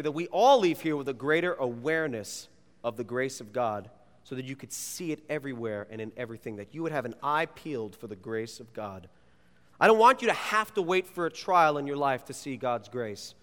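Man, youth pastor, higher voice, lively storytelling sermon, long hall reverb. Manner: animated, playful storyteller.

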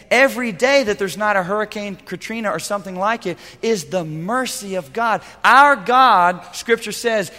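A man preaching a sermon as pastor, swinging between loud emphatic lines and hushed, quiet asides. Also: fairly high pitch, in a large hall.

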